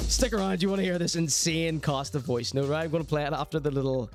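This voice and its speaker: A man's voice: fairly high pitch, quick pace, hardly any pauses. An Irish man hosting a show, giving a theatrical, playful sign-off. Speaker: show host. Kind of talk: show outro. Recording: music playing behind.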